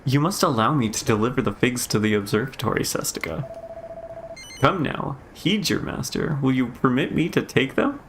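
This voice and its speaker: A man's voice: medium pitch, moderate pace, fairly bright tone, a little hiss or hum, natural voice. A man voicing a stern, cold male mentor in a grave, commanding tone while reading game dialogue aloud.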